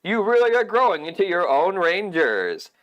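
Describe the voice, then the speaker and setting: A man voicing an excitable, fussy robot assistant in a tabletop game, with high panicky squeals. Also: moderate pace, dull audio. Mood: excited.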